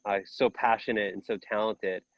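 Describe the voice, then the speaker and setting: A man's voice: lowish voice, fairly even intonation, dry recording. Rambling man, dull dry sound. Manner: rambling, halting with fillers. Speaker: old friend. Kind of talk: casual reminiscing.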